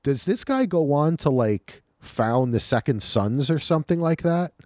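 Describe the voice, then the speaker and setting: A man co-hosting a podcast in casual chat, talking in a lively, animated way. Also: fairly high pitch, unhurried, dry recording, studio quality. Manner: animated, lively storytelling with acted quotes. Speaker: podcast co-host.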